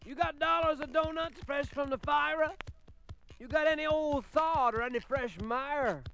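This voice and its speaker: A man's voice: very high voice, creaky, pitched above the performer's own voice, heavily acted. A man voicing a mysterious voice on a line that fires off pushy rhyming questions. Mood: pushy, shouting. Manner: rapid rhyming interrogation, shouted.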